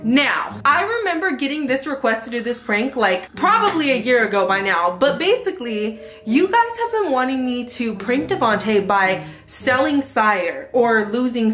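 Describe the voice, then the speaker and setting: A young woman vlogging at home, chatting to the viewers in a lively, direct way. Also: fairly high pitch. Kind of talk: casual vlog chat to camera. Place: home, indoors. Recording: echoey room with faint music.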